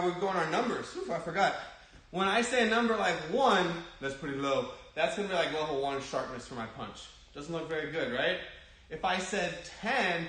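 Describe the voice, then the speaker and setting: A man's voice: sits high, sharp tone. A man teaching a kids' martial arts class, calling out drill commands and encouraging the students. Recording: very echoey room.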